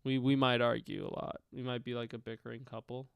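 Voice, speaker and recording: A man's voice: mid-range voice, steady tone, brisk, vocal fry, clear, resonant tone, no echo. A young man hosting a casual sports livestream, talking loosely, laughing, swearing and trailing off. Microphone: headphones on, close mic.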